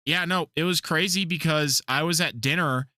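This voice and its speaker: A man's voice: fairly high pitch, moderate pace, pushed and bright, no echo, studio quality. A man hosting a casual podcast, telling rambling stories and swearing freely. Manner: profane, rambling storyteller. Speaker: podcast host.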